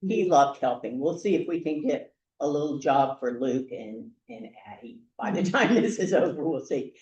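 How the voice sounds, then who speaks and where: A woman's voice: low voice, lively intonation, darkish tone, roomy sound, highs cut off. Chatty older woman hosting a meeting. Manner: chatty, halting, with many fillers. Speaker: meeting host. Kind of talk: casual welcome remarks. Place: meeting room.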